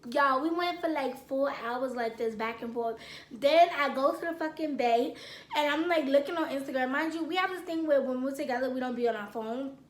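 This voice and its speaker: A woman's voice: sits high, brisk, reverberant. A young woman telling a casual storytime to her viewers, acting out both sides of a quarrel. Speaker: vlogger.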